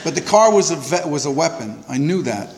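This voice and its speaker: A man's voice: on the high side, brisk. Man telling a story in an echoing hall. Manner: animated, acts out the voices of people in his story. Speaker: speaker sharing a recovery story. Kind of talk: personal storytelling to a live audience. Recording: reverberant hall.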